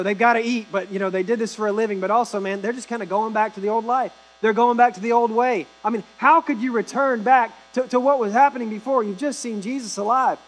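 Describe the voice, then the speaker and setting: A man's voice: high-pitched, poor audio. A man preaching a sermon, retelling scripture in a conversational storytelling way with casual asides. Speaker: pastor.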